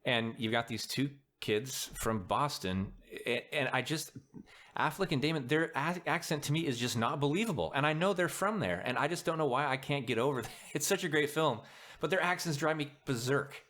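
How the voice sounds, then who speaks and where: A man hosting a podcast, chatty and lively, asking his guests questions. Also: mid-range voice, normal speed. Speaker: podcast host. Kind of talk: casual podcast chat.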